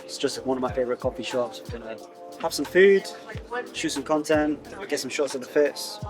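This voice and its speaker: A man's voice: medium pitch, fairly quick. A young man chatting loosely about his day in a coffee shop, filling his talk with "like" and "you know". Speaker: content creator. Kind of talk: casual vlog chat. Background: background music.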